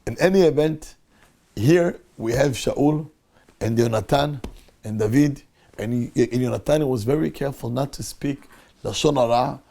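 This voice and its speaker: A man's voice: medium pitch, normal speed, vocal fry. A male rabbi teaching a Torah class, telling a story with animation and acting out the people in it. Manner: animated storyteller who acts out the people in his tale.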